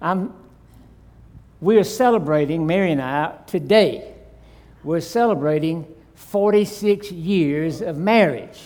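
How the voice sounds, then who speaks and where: An older man preaching in a church with an unhurried, deliberate delivery. His voice sits a little high for a man. He is folksy and self-deprecating, and turns reverent when he leads prayer. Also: darkish tone. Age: 60s or 70s. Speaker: visiting preacher. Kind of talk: sermon.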